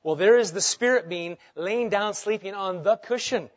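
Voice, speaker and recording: A man delivers a sermon in a fairly high voice, swinging from loud bursts to near-hushed lines. He asks his listeners rhetorical questions. The recording sounds a little dull and lo-fi. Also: moderate pace. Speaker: pastor.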